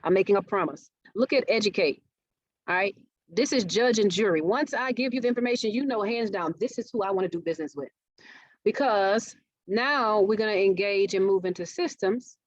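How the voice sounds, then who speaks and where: Briskly teaching a business workshop, a marketing speaker keeps things engaging by often asking her listeners whether they follow. She speaks at a middling pitch, and the webinar audio is dull and dry, lacking any room sound.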